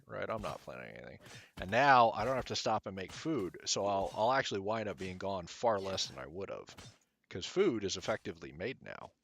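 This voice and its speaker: A man streaming a game, chatting casually and rambling as he thinks out loud. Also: low-pitched, gravelly, a little hiss or hum. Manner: mutters at the game.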